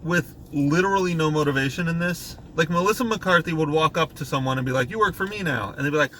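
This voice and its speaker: A man co-hosting a podcast, chatting casually and exasperatedly about a bad movie and acting out its scenes in quick mocking voices. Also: on the high side, fairly bright tone, a little hiss or hum, rough recording. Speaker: podcast co-host. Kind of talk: casual movie review chat.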